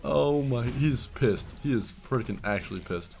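A young man giving excited, laughing commentary while playing a video game, with loud yelps between mumbled asides. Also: mid-range voice, a little slow, vocal fry. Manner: hyped, yelling bursts and mumbled asides; laughs often. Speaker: streamer. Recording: game music behind voice. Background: game music.

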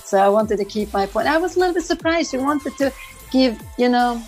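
A woman's voice: high-pitched, expressive, fairly quick, darkish tone, faint music behind. A woman playing chess against a streamer, chatting casually and laughing while she explains her moves. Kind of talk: casual chat.

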